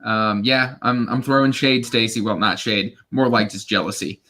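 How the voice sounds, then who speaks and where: A man's voice: lowish voice, fairly even intonation, moderate pace, pushed and bright. A man hosting a casual reading livestream, chatty and self-deprecating, with lots of fillers. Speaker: livestream host. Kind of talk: casual chat.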